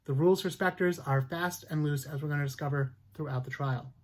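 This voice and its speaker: A man's voice: a little high, fairly quick. A man hosting a history podcast, telling a story casually with lots of fillers and restarts. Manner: chatty, many fillers and restarts.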